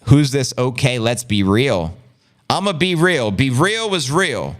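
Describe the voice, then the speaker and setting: In an unhurried, mid-range voice, a man with a New York City area accent hosts a casual live stream. He's from Long Island, New York, reads viewer chat, and comes across animated and hype-filled, calling everyone watching family.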